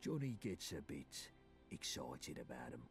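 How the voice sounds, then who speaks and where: An actor playing a gruff, streetwise male wasteland survivor in a video game. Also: rumbling low, very animated, measured pace, soft background music, heavily acted. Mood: wry.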